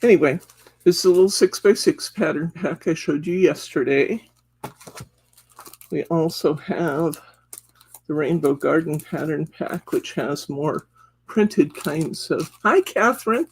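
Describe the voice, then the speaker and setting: Chatty craft-show host, male, unhurried delivery with a gravelly edge. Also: fairly high pitch, slight background noise. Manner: chatty, laughs often, greets viewers by name. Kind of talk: live craft demo chat.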